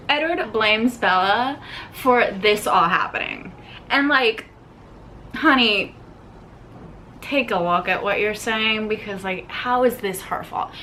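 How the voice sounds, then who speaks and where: A young woman ranting about a book, her voice bright and sharp-edged. She swears freely in her exasperation and breaks off to read passages aloud. A faint hiss sits under the recording. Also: a little high. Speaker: book reviewer. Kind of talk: ranting book review vlog.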